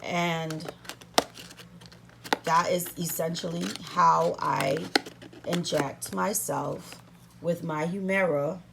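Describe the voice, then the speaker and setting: Chatty woman, playful and sassy, home how-to vlog, lowish voice. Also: fairly even intonation, takes it slowly, creaky, long pauses, background noise. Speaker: vlogger. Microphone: camera on a stand.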